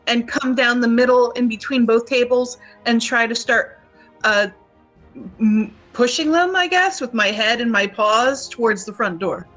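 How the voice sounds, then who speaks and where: A woman with a bright, fairly high voice explains her character's moves in a tabletop game. She thinks aloud and restarts her sentences. Faint music plays behind her. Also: a little slow, rough recording. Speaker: player. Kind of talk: tabletop role-play, in character decisions.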